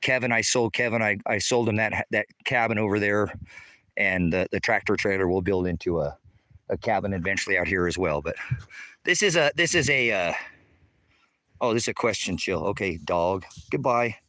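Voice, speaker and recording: A man's voice: lowish voice, normal speed, bright, forceful tone, dry recording. A man livestreaming outdoors on rural land, touring his property and ranting at viewers' comments, combative and swearing constantly, recorded on a handheld phone while walking. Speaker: livestreamer giving a property tour.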